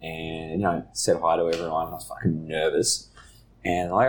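A man's voice: low-pitched, fairly even intonation, moderate pace, a little hiss or hum. A man telling stories in casual podcast chat, laughing at himself and swearing casually. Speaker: podcast co-host. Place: studio.

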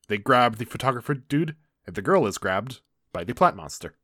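A man's voice: mid-range voice, sing-song, moderate pace, sharp tone, dry recording. Wry chill guy recapping a show, mid voice, super dry close mic. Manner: wry, laid-back narrating. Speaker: podcast co-host. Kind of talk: casual recap chat.

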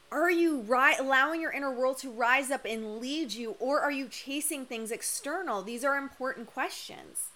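A woman's voice: a little high, pushed and bright. Candid, emphatic woman coach, voice worn. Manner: candid and emphatic, with casual swearing. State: losing her voice. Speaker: human design coach. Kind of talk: live-stream monologue.

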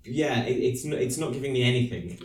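A man's voice: medium pitch, fairly quick. A man giving wry, critical takes on a film in casual chat. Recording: echoey, distant, some noise.

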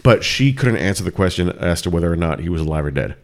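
A very deep-voiced man in his thirties hosts a loose podcast conversation. He rambles through his points, restarting sentences and laughing easily as he goes. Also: expressive, fast. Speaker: podcast host. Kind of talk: casual chat.

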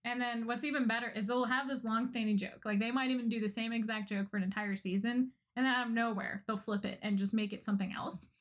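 A woman with a slightly high voice chats casually as a podcast co-host. She retells jokes with plenty of laughter, quickly acting out the quoted lines. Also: steady tone. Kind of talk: casual chat.

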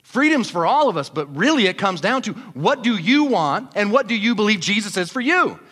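A male pastor preaching a sermon in a church, fervent and building to shouts. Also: high voice, very animated, a little fast, big-room sound.

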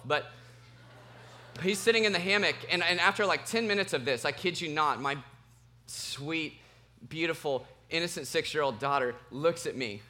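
Bright-voiced animated male pastor. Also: mid-range voice. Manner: animated, self-mocking storyteller. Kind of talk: sermon with a personal story.

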